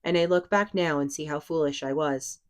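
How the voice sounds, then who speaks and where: A woman reading aloud, voicing a stern but patient father who talks in a measured, lecturing way. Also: low voice, lightly acted. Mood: reminiscing.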